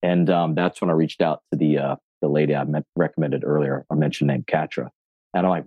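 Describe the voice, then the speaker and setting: Deep-voiced man telling fitness stories. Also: brisk, breathy edge, no room sound, lo-fi sound. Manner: animated storyteller, acts out quotes, swears casually. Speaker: gym owner and fitness coach. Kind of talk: podcast interview, casual storytelling.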